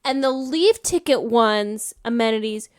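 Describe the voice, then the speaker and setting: A woman's voice: on the high side, a little slow, smooth. A tired woman co-hosting a podcast in casual chat, rambling and full of fillers. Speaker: podcast co-host.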